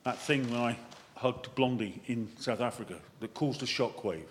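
A man, a vicar, giving a lively sermon that wanders into chatty, self-mocking asides. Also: mid-range voice, normal speed, a little hiss or hum. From England. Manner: animated, chatty preaching with digressions and self-deprecating asides.

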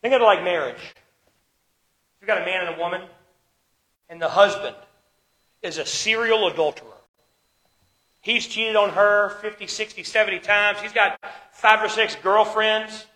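A man preaching a sermon as pastor, swinging between loud emphatic lines and quiet ones, slowing down to stress key words. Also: sits high, poor audio. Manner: preaching with dramatic shifts in loudness and pace.

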